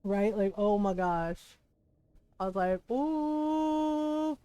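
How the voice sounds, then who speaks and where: A woman streaming a video game, chatting casually in an animated, gushing way, laughing often and swearing freely. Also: mid-range voice, unhurried, clear, resonant tone, no echo, highs cut off.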